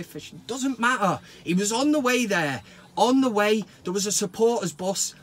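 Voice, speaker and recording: A man giving a blunt, sweary fan rant that builds into a shouted team talk. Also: sits high. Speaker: football fan vlogger. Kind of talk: ranting fan vlog.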